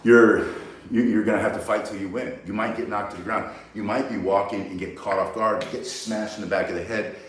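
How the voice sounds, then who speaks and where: A man's voice: fairly low pitch, fairly even intonation, brisk, hardly any pauses, slight background noise. A man teaching self-defense, bluntly and emphatically walking through each move step by step. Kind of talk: instructional demonstration. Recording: very echoey, mic far from speaker.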